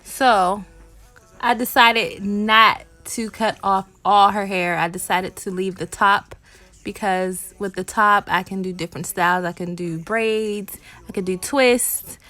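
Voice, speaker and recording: A woman's voice: medium pitch, steady tone, unhurried, pushed and bright, dry recording, faint music behind. A woman, a mother and hair vlogger, narrating a home haircut in a casual, explanatory voice-over full of ums and likes.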